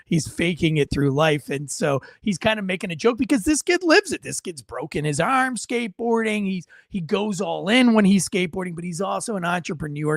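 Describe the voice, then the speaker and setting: A man in his forties telling a story in casual talk, acting out the people in it with shouts and frequent restarts. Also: sits high, no echo, studio quality. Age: 40s. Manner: animated storyteller who acts out shouted quotes, with frequent restarts.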